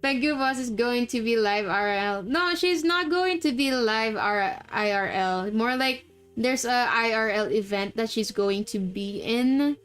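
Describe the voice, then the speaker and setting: A woman's voice: on the high side, animated, measured pace, a bit bright, clear, resonant tone, faint music behind. A young woman from the Philippines streaming live, chatting casually and laughing often while setting up a game. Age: young adult. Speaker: VTuber streamer.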